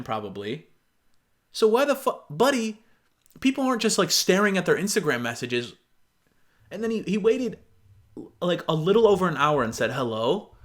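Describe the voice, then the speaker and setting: A man giving casual reaction commentary, exasperated and sarcastic, swearing freely and often laughing as he reads. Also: fairly high pitch. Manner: laughs often while reading. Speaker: reaction video host.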